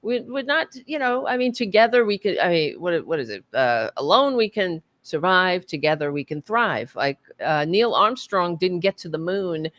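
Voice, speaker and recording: A woman's voice: on the low side, sing-song, normal speed, few pauses, a bit bright, dry recording. A woman co-hosting a political talk podcast, speaking in an impassioned, profane, rambling way with many fillers. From United States. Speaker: podcast co-host.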